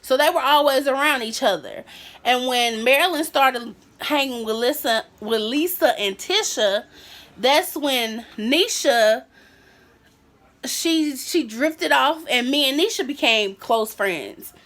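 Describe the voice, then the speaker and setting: A young woman vlogger telling a high school story in a casual, animated way, acting out what people said. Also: slow. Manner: animated, acts out quotes.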